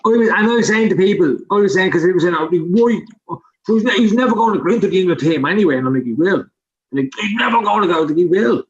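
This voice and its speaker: Irish guy, fairly high voice, argumentative, slightly dull recording. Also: lively intonation, fast. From Ireland. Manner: argumentative, swears. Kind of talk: casual football chat.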